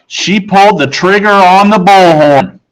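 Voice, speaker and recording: A man, a teacher, narrating a children's novel aloud in a steady storytelling voice that picks up speed in tense moments. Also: high-pitched, unhurried, noisy background.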